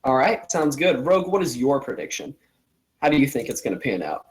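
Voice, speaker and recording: A man's voice: medium pitch, big pitch swings, a little fast, low-quality recording. A man hosting a casual live-streamed show, upbeat and eager as he hypes upcoming matchups. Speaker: show host.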